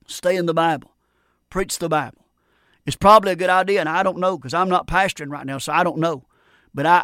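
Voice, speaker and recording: High, bright-voiced fervent male radio preacher. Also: dry recording, studio quality. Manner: fervent, repetitive, punctuated with amen. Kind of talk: radio sermon.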